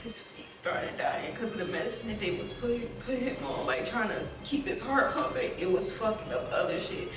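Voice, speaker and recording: A woman being interviewed for a documentary, telling a personal story in a blunt, profane, rambling way with many fillers. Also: fairly high pitch. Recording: very echoey room, distant mic, soft music underneath.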